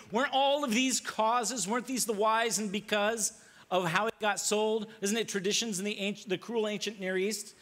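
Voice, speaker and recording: A man's voice: high-pitched, pushed and bright. A male pastor preaching a sermon, acting out quoted lines and firing off rhetorical questions. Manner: dramatic, acts out quoted voices, rhetorical questions.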